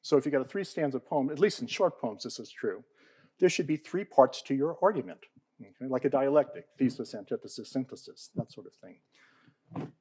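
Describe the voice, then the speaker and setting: Warm and mellow, a man talks poetry to an audience as a panel speaker, his intonation lively and his pace normal. Recorded close, dry and echo-free but roughly, he regularly checks "okay?" or "all right?" and questions the listeners.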